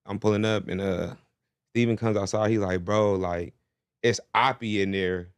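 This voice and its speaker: A man, a rapper, telling a story in casual podcast chat, animated, with constant "you feel me" asides. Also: fairly low pitch, normal speed, clear, resonant tone, no room sound, clean studio sound. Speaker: rapper guest.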